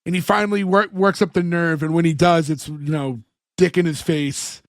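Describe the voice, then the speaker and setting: A man hosting a podcast, recapping a sitcom episode in an animated way, acting out the characters' lines. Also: on the high side, normal speed, no room sound, studio quality. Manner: animated plot recapping with acted quotes. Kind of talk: casual chat.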